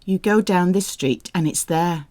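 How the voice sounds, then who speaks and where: A woman teaching French, reading example sentences slowly and clearly, then explaining the grammar in English. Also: on the low side, dark tone, dry recording. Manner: slow, careful model pronunciation with questioning rises. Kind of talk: language lesson with slow example sentences.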